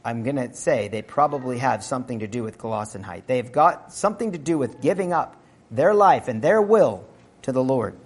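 A man preaching a sermon, earnest and emphatic, moving between loud stressed phrases and quiet asides. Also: medium pitch, lively intonation, moderate pace, husky.

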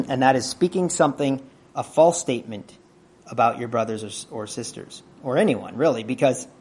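A man preaching a sermon in a conversational teaching manner, often asking his listeners questions and clearing his throat. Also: mid-range voice, normal speed, darkish tone.

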